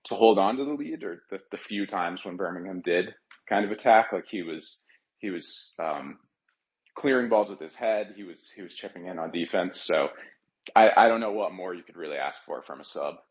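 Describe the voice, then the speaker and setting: A man's voice: sits low, moderate pace, low-quality recording. A man calling in to a fan podcast, talking earnestly and a little ramblingly about his team. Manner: earnest, a bit rambling, many fillers. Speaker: caller, regular contributor. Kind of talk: casual call-in chat.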